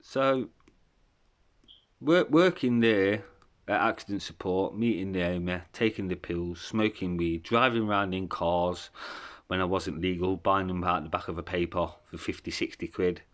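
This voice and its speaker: A deep-voiced man recounts his past in a loose, rambling monologue. He is blunt and candid, and he swears constantly as he talks. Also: measured pace, fairly bright tone. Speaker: vlogger telling his life story. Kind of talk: casual storytelling.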